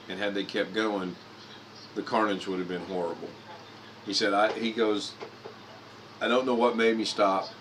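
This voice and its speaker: A man's voice: on the low side, a bit bright, a little hiss or hum, poor audio. A man in his fifties from Indiana, livestreaming and telling rambling personal stories with frequent restarts and self-corrections. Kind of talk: casual storytelling monologue.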